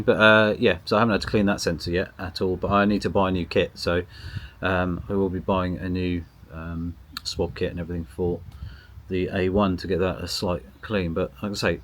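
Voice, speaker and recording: Speaking briskly in a low, flat voice, this man rambles to camera in a garden, stumbling through ums and restarts as he chats casually. He's a photography vlogger, captured on the built-in mic of a small gimbal camera on a tripod, and the fairly bright recording carries slight background noise.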